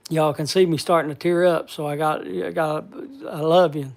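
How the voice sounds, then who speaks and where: A man hosting a casual live stream, thanking viewers in a halting, repetitive, heartfelt way. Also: a little high, fairly even intonation, vocal fry, darkish tone. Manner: halting and repetitive, stumbling over words. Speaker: livestream host.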